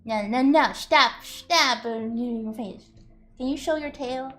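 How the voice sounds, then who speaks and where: A woman's voice: sits high, slow pace, a bit bright, faint music behind. A young woman streaming from home, chatting casually and gushing in giggly baby talk to her cats.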